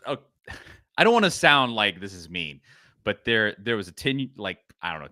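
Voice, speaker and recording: A man hosting a casual sports podcast, chatting with laughs and rattling through ad reads quickly. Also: deep voice, no room sound, studio quality. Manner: lively, laughing, reads ad copy fast. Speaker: podcast host.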